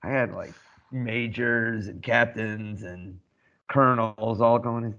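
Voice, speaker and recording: A man, a podcast co-host and army veteran, telling dry, wry stories in casual chat with halting restarts. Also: medium pitch, steady tone, bright, forceful tone. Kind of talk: casual chat, anecdotal storytelling. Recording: dull, muffled lo-fi sound.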